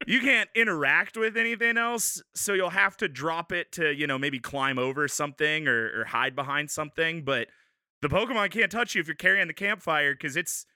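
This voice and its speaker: A man pitching an imaginary game on a comedy podcast, rambling and amused, trailing off mid-thought. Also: normal speed, sharp tone, clear, resonant tone, dry recording, studio quality.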